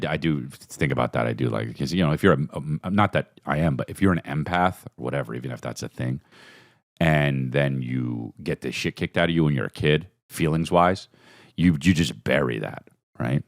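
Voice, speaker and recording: A low-voiced man in his forties rambles through a comic monologue, swearing freely. His pitch leaps around wildly, dropping to low mutters and jumping to high excited bursts. The sound is dry and close, with no room around it. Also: normal speed, dry recording. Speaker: podcast host. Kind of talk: casual comedic monologue.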